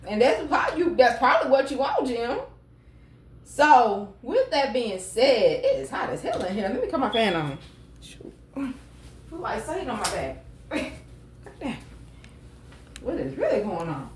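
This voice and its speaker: A woman's voice: on the high side, very animated, measured pace, long pauses, a little hiss or hum. A woman giving a casual tarot reading to camera at home, chatty and blunt, swearing freely. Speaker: tarot card reader. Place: room at home. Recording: echoey room, mic set far off.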